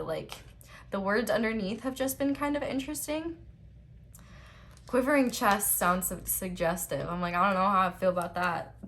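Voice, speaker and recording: A woman's voice: mid-range voice, fairly bright tone, slight background noise. A young woman giving a casual tarot card reading at home, chatty and giggly, with rambling asides. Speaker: tarot reader.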